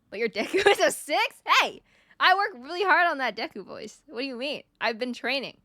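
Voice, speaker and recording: A woman's voice: high-pitched, bright, forceful tone, no room sound, clean studio sound. A young woman VTuber streamer chatting casually with her viewers, playful and giggly. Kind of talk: casual stream chat reading viewer messages.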